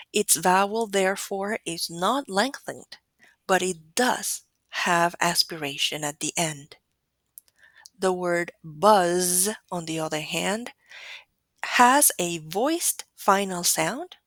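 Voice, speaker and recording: A woman whose first language is Spanish, giving a recorded phonetics lecture in a slow, deliberate way and demonstrating sounds. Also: medium pitch, a bit bright, dry recording. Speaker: teacher.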